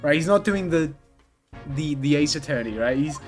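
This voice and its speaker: Game streamer, gushing reactions, laughs a lot, very lively pitch, soft music behind. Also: moderate pace. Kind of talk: let's play commentary.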